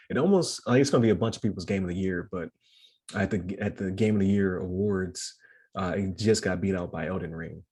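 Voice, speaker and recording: A man's voice: sits low, darkish tone, slightly rough. A man co-hosting a podcast in casual chat, rambling with lots of fillers and frequent laughs. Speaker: podcast co-host.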